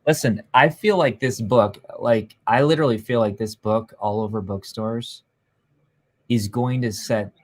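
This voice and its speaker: A man hosting a live stream interview, talking with energetic, salesy push and repeating himself. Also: lowish voice, a little slow. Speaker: host.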